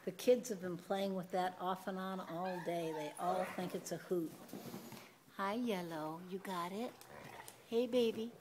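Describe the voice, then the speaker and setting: A woman's voice: lowish voice, fairly even intonation, a little slow, noisy background. A woman filming her puppies at home, chatting and cooing to them in baby talk. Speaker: puppy owner filming her litter. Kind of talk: casual home video narration. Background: puppies playing and yelping.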